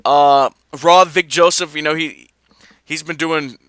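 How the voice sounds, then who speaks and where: Guy cohosting a chatty podcast, bright clear voice, rambles on excitedly. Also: fairly high pitch, unhurried, no room sound. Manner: animated, rambling, reads fan mail. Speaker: podcast co-host. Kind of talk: casual podcast chat.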